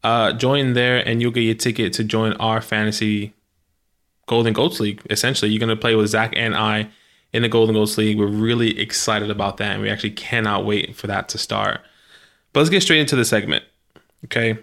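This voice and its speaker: Upbeat dude cohosting a football podcast, low voice but really bright and forceful. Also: male voice, steady tone, a little fast. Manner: upbeat, affirming. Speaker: podcast co-host. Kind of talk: casual sports podcast chat.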